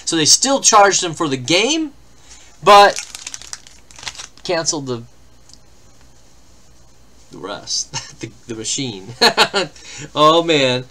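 Bright-voiced man hosting a card break. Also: fairly high pitch, sing-song, takes it slowly, long pauses, slight background noise. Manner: rambling anecdotes, then listing name-team pairs. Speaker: live stream host running a card break. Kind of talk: casual live-stream chat.

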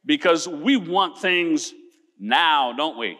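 A man's voice: on the high side, lively intonation, takes it slowly, bright, forceful tone. A male pastor preaching a sermon, calling out to his congregation and rising to emphatic peaks. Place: church sanctuary. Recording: long church reverb.

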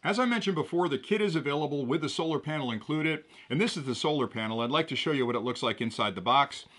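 Man calmly walking through a product demo. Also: a little high, fast talker. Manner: relaxed, explanatory, with light chuckles. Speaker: product reviewer. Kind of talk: hands-on product demonstration.

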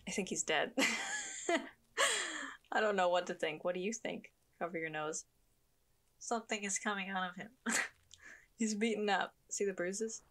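A woman's voice: medium pitch, fairly even intonation, normal speed, pauses often, fairly bright tone. A woman streamer playing through a video game, laughing often as she reads its text aloud and chats. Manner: giggly, playful, reads dialogue aloud. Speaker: gaming streamer. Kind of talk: let's play commentary and reading game text aloud.

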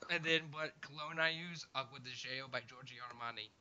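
A man's voice: medium pitch, a little fast, pushed and bright, no room sound. A man chatting in a casual interview, joking crudely, swearing a lot and laughing often. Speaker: YouTuber being interviewed. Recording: dull lo-fi sound.

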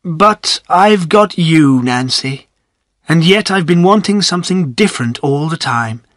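A man reading a storybook aloud and voicing a regretful gentleman who speaks sadly. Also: lively intonation, unhurried, no room sound, clean studio sound. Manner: low, sad. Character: regretful wealthy gentleman, sad and bitter.

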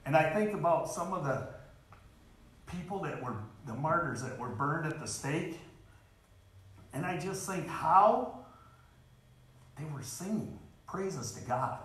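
A man's voice: a little high, lively intonation, a little slow, pauses often, fairly bright tone. A man preaching a sermon in a church in an earnest, emphatic way, reading scripture aloud. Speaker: lay preacher. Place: church sanctuary. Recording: very echoey church hall.

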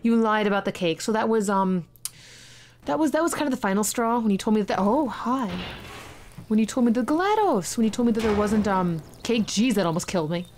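A woman hosting a gaming channel, giving excitable, chatty let's-play commentary full of exclamations. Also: mid-range voice, fairly quick, a little hiss or hum.

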